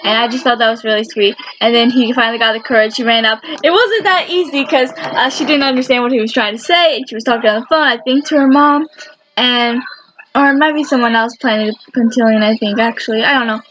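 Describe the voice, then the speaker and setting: A woman's voice: on the high side, a little fast, a bit bright. A woman giving a casual fan commentary countdown, rambling and enthusiastic and often correcting herself. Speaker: fan video creator. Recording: dull lo-fi sound with faint noise.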